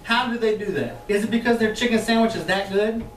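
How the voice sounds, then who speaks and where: Lively trainer man in an echoey room. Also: sits high, brisk, faint music behind. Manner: lively, chatty, laughs often, acts out quoted voices. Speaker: sales trainer. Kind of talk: training talk to a live group. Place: meeting room with an audience. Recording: echoey room, mic far off.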